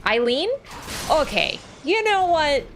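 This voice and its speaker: A woman's voice: high voice, big pitch swings, slow pace, noisy background. A young woman streaming a game, chatting casually and answering her chat in a playful way.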